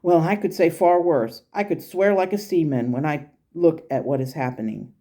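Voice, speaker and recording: A woman's voice: low-pitched, normal speed, warm tone. A woman quoting the spirit of her late grandmother, who speaks frankly and lovingly, close to her own voice. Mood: indignant. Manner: frank and blunt, with affectionate asides.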